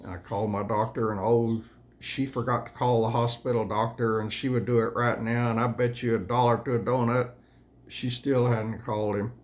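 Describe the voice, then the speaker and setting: A man, hosting his own channel in a folksy, rambling, complaining monologue, often coughing and clearing his throat. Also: medium pitch, flat delivery, moderate pace. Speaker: channel host.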